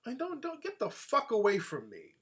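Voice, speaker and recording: Riffing on his opinions with plenty of swearing, this host's fairly high, slightly bright voice swoops wildly in pitch. His energetic delivery is peppered with quick impressions mocking others.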